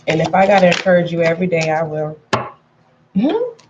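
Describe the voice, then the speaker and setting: A woman's voice: fairly low pitch, very animated, normal speed, long pauses, muffled recording, background noise. A woman giving a casual tarot reading to her viewers, chatty and frank, calling them pet names and repeating points for emphasis. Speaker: tarot reader.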